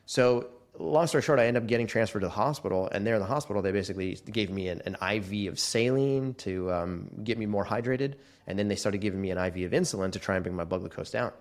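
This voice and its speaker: A man in his forties with a lowish voice tells a long personal story as an interview guest. He is animated and slips into the voices of the people he quotes. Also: fast, few pauses. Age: 40s.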